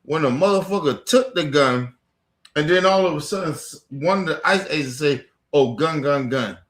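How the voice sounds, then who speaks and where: A man in an angry, profane rant, repeating himself, swearing constantly, swinging from near-shouts down to low mutters. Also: moderate pace, echoey room. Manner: heated, repetitive, swears constantly, rising to near-shouts then dropping low. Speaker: streamer ranting on camera.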